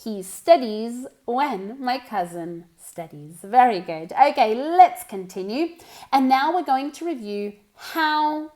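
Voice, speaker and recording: A woman teaching English, running slow pronunciation drills and exaggerating sounds so learners can hear them, with short explanations in Spanish. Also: fairly high pitch, lively intonation, a little mellow. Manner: exaggerates pronunciation and laughs at herself. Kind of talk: online language lesson with drills.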